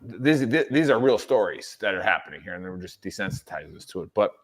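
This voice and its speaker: A man's voice: deep voice, big pitch swings, quick pace. A man co-hosting a casual veterans' podcast, rambling through a theory and checking in with "right?". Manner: rambling, many fillers like "right?". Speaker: podcast co-host. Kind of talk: casual chat.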